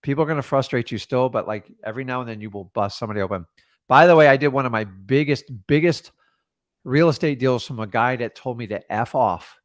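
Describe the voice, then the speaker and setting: A man coaching a caller in a casual, blunt way, acting out phone calls with quick changes of voice. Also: mid-range voice, no echo, studio quality. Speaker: real estate investor coaching a caller.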